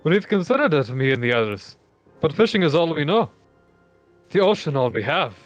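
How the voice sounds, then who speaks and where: A man's voice: on the high side, big pitch swings, normal speed, dull audio, faint music behind. A man reading a humble fisherman villager. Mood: earnest. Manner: friendly, modest. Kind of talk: fan voice acting of game dialogue.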